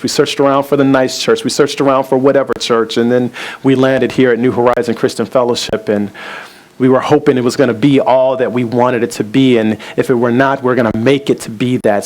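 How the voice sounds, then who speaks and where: A pastor delivers a sermon in a mid-range male voice. He builds the message through storytelling, chaining clauses with "and". He often slows down to stress his points. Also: medium pitch, low-quality recording. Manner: storytelling, repeats "and", slows for emphasis.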